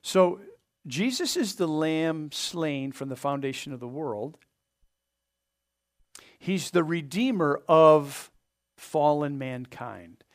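Earnest, fairly high-voiced male preacher. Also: animated, takes it slowly, long pauses. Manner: earnest preaching with rising emphasis and soft drop-offs; asks the congregation to open their Bibles. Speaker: pastor. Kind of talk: sermon.

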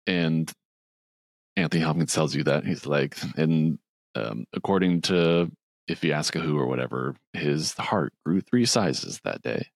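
A man co-hosting a podcast, casually retelling a film plot in a rambling, animated way, often quoting lines. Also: rumbling low, unhurried, vocal fry, no room sound, studio quality. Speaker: podcast co-host.

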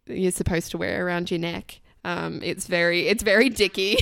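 A woman's voice: lowish voice, vocal fry, a bit bright, no room sound. A young woman in her twenties, a nurse chatting frankly on a podcast, laughing often and swearing casually. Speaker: registered nurse guest.

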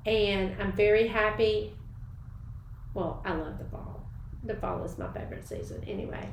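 A woman co-hosting a podcast, telling stories in a relaxed, reflective casual chat. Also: medium pitch, normal speed, vocal fry. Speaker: podcast co-host. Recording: roomy with faint background hiss.

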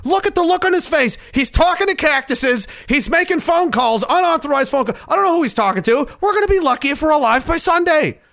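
A man voicing a panicked male White House aide, talking fast and swearing in alarm. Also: animated, gravelly, a bit bright, exaggerated voice. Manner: frantic, high-strung and profane.

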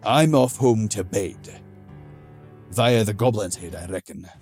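A man playing a gruff old dwarf. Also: on the low side, measured pace, darkish tone, faint music behind, natural voice. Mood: grumbling. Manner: gruff, blustering. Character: fat concussed old male dwarf, gruff and bitter.

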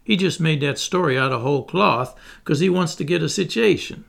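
An enslaved man pleading earnestly with his master, as a male narrator voices him, full of protest. The voice is a somewhat high male voice with a creaky, gravelly texture. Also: brisk, fairly bright tone, exaggerated voice.

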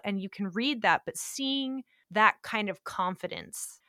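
A woman's voice: medium pitch, a little slow, sharp tone, dry recording, studio quality. A woman from Washington state in a casual film chat, talking eagerly and laughing often. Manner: chatty and enthusiastic, laughs often.

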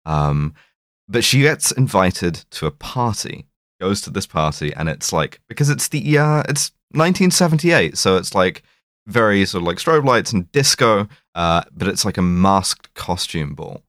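Low-voiced man recapping a film. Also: expressive, a little slow, fairly bright tone, no echo, clean studio sound. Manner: rambling, fond film recap with many fillers. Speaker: podcast co-host. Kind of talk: casual chat.

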